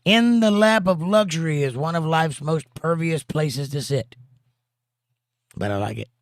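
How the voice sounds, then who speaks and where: A man's voice: fairly high pitch, lively intonation, a little slow, no room sound, clean studio sound. A man hosting a casual livestream, joking around and reading viewers' chat messages aloud. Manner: jokey, reads chat aloud. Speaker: host.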